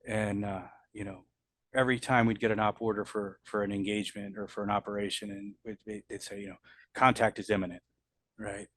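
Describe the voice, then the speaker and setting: A middle-aged veteran with a fairly low voice gives a candid interview about his war memories, speaking bluntly, swearing, and often restarting his sentences. The recording is dry.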